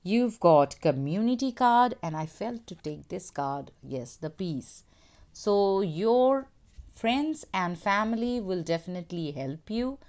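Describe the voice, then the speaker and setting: A woman giving a tarot card reading to a viewer, speaking in an unhurried, reassuring way. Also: medium pitch, expressive, a little mellow. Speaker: tarot reader.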